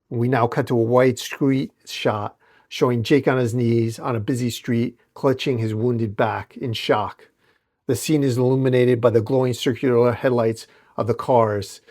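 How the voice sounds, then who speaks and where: A man hosting a comic book channel, narrating a dramatic comic recap in a steady storytelling manner. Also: mid-range voice.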